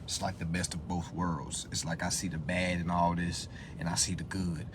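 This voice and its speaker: A man hosting a live phone stream in a profane rant, dropping to low muttering and then bursting into loud, high-pitched shouts. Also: little pitch movement, moderate pace, noisy background. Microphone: phone on a social live stream.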